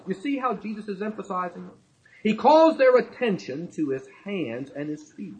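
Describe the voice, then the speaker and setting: A man's voice: high-pitched, expressive, normal speed, slightly rough, dull audio. A man preaching a sermon, talking emphatically, repeating key points and asking rhetorical questions.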